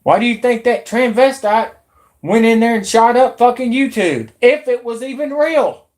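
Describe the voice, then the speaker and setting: A woman with a drawl delivers a profane, heated rant straight to her viewers. Her voice sits a little high and swells into angry bursts before dropping low and bitter. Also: normal speed, a little mellow. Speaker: YouTube commentator.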